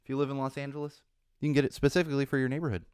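A man's voice: medium pitch, little pitch movement, very fast, a little mellow, smooth, dry recording, studio quality. A man hosting a podcast, rambling through a casual monologue that turns into an indignant rant. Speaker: podcast host. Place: Los Angeles.

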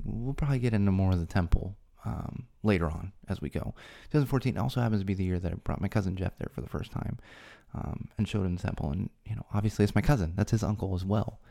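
A man with a dark, relaxed tone and some gravel in it hosts a podcast. He tells a personal story in an earnest, candid way, speaking from the heart. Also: lowish voice. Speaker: podcast host.

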